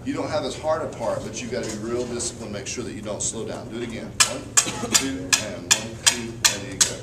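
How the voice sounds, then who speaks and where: A man's voice: on the low side, fast talker, heavy background noise. A man directing a band rehearsal, counting off and coaching the players between run-throughs, recorded from a distance in a rehearsal room. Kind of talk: rehearsal instruction. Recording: roomy, distant, with loud band playing. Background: band playing.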